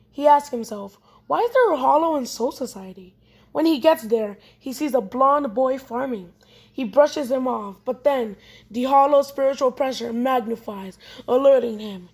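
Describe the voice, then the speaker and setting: A woman's voice: high-pitched, darkish tone, slightly rough. A woman reading a fan story aloud in a plain way, often stumbling and restarting lines.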